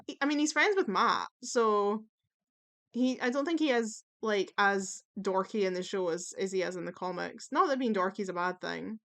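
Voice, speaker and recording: A woman's voice: mid-range voice, fairly bright tone. A woman talking casually in a tier-list video, chatty and opinionated, with plenty of fillers and the odd swear word. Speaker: YouTube commentator.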